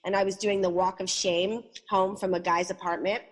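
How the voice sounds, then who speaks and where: Animated woman in her forties telling stories. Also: mid-range voice, normal speed. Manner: animated storyteller who acts out quoted lines. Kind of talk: casual radio talk storytelling.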